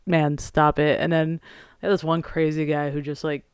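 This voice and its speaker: A man's voice: fairly high pitch, moderate pace, smooth, no room sound. A man chatting casually on a podcast, talking loosely with many "like"s and acting out what people said. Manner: relaxed, lots of "like", acts out quotes. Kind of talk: casual chat.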